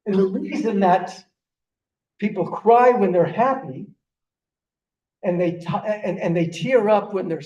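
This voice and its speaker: A man's voice: sits high, measured pace, pauses often, darkish tone, lo-fi sound, slight background noise. An older man giving a sermon as a rabbi, telling stories earnestly, often restarting his words. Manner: storytelling, earnest, with repeated restarts. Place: synagogue sanctuary. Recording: echoey room, voice from a distance.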